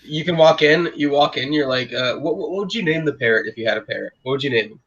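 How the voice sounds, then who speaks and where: Casual male co-host, swears, laughs a lot; bright tone, lo-fi audio. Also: on the high side, fast, slightly rough. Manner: laid-back, swears freely, laughs often. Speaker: podcast co-host. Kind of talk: casual chat.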